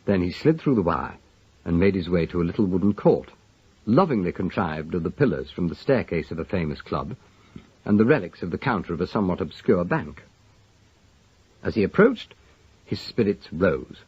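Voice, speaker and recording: Low husky guy reading a story aloud, animated lilt, dull lo-fi audio. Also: normal speed, no room sound. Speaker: audiobook narrator. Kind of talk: storybook narration. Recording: dull lo-fi recording.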